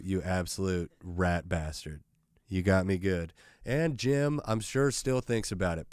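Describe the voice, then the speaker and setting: A male podcast host telling casual, jokey stories in a loose, profane, animated way, close to the microphone. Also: lowish voice, clean tone, dry recording. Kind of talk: casual storytelling chat.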